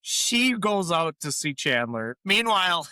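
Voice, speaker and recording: Co-host, giggly scene recapper, bright tone, slow and easy, dry booth. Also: medium pitch, sing-song, clear, resonant tone, dry recording. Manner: laughs often while retelling scenes; acts out quoted lines in changed voices. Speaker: podcast co-host. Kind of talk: casual episode recap chat.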